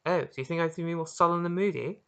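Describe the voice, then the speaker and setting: A reader voicing a spirited, sarcastic high-born young British lady with a shrill voice, in an audiobook of their own story. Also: very fast, fairly bright tone, clean tone, natural voice. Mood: teasing. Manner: playful, sarcastic.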